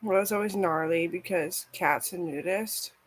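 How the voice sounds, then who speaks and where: A woman's voice: on the low side, moderate pace, low-quality recording. A woman vlogger chatting casually and rambling, swearing freely and filling her talk with "like". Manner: rambling, profane, frequent "like".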